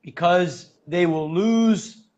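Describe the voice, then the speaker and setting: A male interview host talks slowly and emphatically, lingering on words of praise. His voice sits somewhat high, and the sound is dull and lo-fi. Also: a little mellow. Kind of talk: interview conversation. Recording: dull lo-fi audio.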